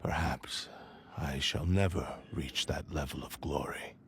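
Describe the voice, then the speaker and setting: A low, grave voice belongs to an ancient sentient sword played by a man. It speaks slowly and solemnly in a hushed, breathy register, full of brooding despair. Faint ambience sits behind it in this video game scene. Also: noisy background, close to an everyday voice. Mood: wistful. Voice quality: hushed, whispery. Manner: slow, solemn delivery. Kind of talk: game voice acting.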